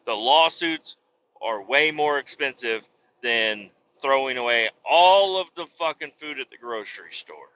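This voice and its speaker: Man, casual podcast host, very bright tone, rambling, swears a lot, slightly dull recording with faint hiss. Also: medium pitch, expressive, measured pace. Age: adult with young children. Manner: rambling, profane, with many restarts. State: hiccuping.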